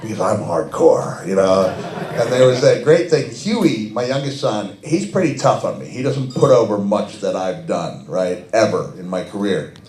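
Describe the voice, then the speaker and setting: Animated middle-aged man telling stories. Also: lowish voice, moderate pace. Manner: animated, laughs often, many restarts and fillers. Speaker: guest at a fan Q&A event. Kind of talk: anecdotal storytelling. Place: event hall with audience. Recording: echoey event hall.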